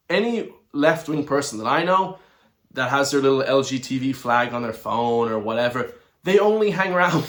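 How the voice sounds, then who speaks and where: A man's voice: mid-range voice, a bit bright. An Irish man sounding off straight to his viewers. He talks in a mid-range voice, blunt and emphatic, swearing freely as he rants. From Ireland. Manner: heated, blunt, profane, emphatic. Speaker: commentary channel host. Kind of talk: ranting commentary to viewers.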